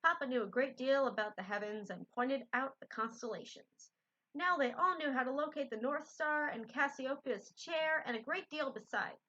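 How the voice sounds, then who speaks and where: Brief: woman storybook reader, gentle and casual, fairly high, bright, dull lo-fi audio. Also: moderate pace. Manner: gentle, unpolished, self-correcting. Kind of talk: reading a children's book aloud. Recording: dull lo-fi recording.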